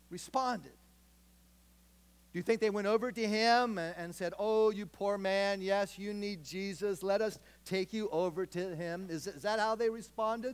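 Middle-aged male pastor, high voice, earnest storyteller who drives points home by repeating them. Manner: earnest, storytelling, emphatic repetition. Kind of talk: sermon.

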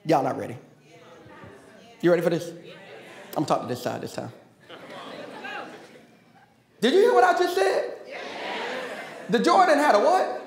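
A man preaching a sermon in a large church, joking with the congregation and building to shouted call-and-response. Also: sits high, wildly swooping pitch, normal speed, vocal fry, long pauses, slight background noise. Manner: folksy, joking asides. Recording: echoey church hall with faint music.

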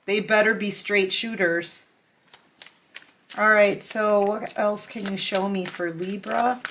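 A woman's voice: mid-range voice, fairly even intonation, slow pace, fairly bright tone, a little hiss or hum. A woman giving a casual tarot reading to camera, chatty and emphatic, repeating herself and talking straight to the viewer. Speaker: tarot reader.

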